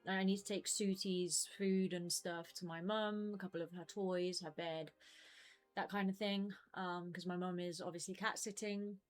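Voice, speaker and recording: A woman's voice: fairly low pitch, steady tone, moderate pace, soft background music. A young woman in her twenties chatting casually with her stream viewers from home, rambling with lots of fillers. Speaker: game streamer.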